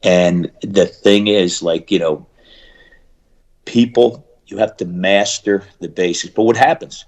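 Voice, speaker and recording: A middle-aged man, a shooting coach, telling stories in an animated interview and acting out the people he quotes. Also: sits low. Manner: acts out quoted voices, fast bursts and emphatic repeats.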